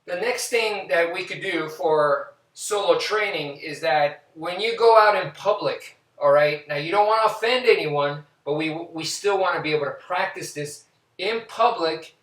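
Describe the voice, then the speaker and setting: A man with a slightly high voice teaches martial arts in a relaxed, casual way. He counts out each move as he demonstrates it. He is heard from a distance in a room with a lot of echo. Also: normal speed. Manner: relaxed, talks while demonstrating moves and counting.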